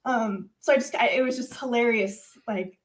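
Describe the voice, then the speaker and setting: A young woman chats as an interview guest, her voice sitting a little high and her stories spilling out with plenty of ums and you-knows. The room around her rings with a noticeable echo. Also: normal speed. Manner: animated, many fillers like "um" and "you know". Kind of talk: casual interview storytelling. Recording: echoey room.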